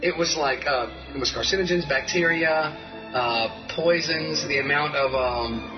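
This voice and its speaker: A man co-hosting a talk show, ranting in a heated, profane comedic way that climbs into yelling. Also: fairly high pitch, measured pace, dull audio, over music. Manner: heated, swearing, builds to shouting.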